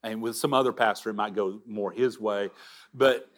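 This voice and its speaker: A man preaching a sermon as pastor, earnest, with halting restarts and drops to a near whisper for emphasis. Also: fairly low pitch, fairly even intonation.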